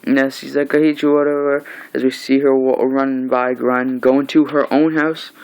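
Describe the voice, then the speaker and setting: A young man recaps a comic book issue in a casual vlog, rambling loosely, restarting often, and saying "he's like" as he retells scenes. His mid-range voice is smooth and level at a normal speed, but the audio quality is poor.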